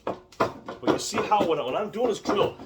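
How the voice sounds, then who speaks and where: A man's voice: high voice, lively intonation, a little slow. Man, martial arts instructor, casual demo lesson, emphatic rambling delivery, distant camera mic, background noise. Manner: rambling, repeats words, emphatic. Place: home training space.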